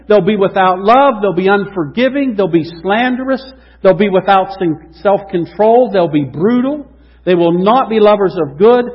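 A male pastor preaching a sermon in a church, animated, swinging from loud emphasis to hushed tones. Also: sits high. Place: church sanctuary. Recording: dull lo-fi recording with long hall reverb.

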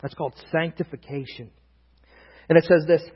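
A young male pastor preaching a sermon, earnest, swinging from loud emphasis to near-hushed confiding, recorded in a church hall. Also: a little high, steady tone, fairly quick. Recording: dull, roomy long reverb, husky.

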